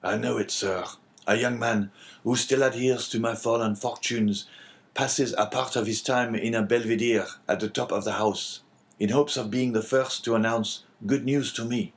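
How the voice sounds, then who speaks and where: A man's voice: mid-range voice, fairly even intonation, moderate pace, close to an everyday voice. A man reading an audiobook, voicing a dignified, mournful merchant facing ruin in a grave, sorrowful manner.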